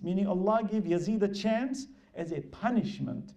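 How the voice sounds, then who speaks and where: A man's voice: on the high side, brisk, vocal fry, hardly any pauses, dark tone. A man giving a religious lecture, retelling history emphatically and acting out the quoted dialogue. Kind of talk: religious lecture with dramatic storytelling.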